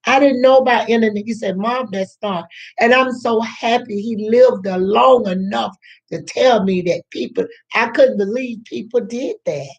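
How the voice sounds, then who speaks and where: A grandmother with a fairly high, slightly breathy voice tells a personal story to camera on dull-sounding audio. Slow and chatty, she drifts along, repeats herself, and acts out what others told her.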